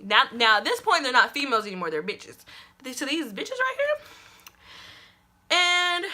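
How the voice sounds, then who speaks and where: A young woman telling a personal story in a storytime vlog, animated and emphatic, repeating lines for effect and swearing casually. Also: high voice, normal speed. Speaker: vlogger.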